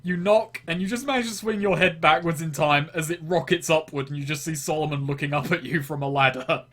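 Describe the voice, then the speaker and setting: A man narrating as game master in a casual tabletop game, relaxed and joking. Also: a little high, a little fast.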